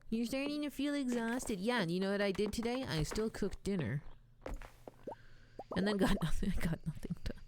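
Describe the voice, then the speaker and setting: A woman's voice: medium pitch, brisk, pauses often, a little mellow, a little hiss or hum. A woman streaming a game, chatting casually to her viewers and to the game, self-mocking and laughing often. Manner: talks to chat and to the game. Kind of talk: casual live-stream chat while playing.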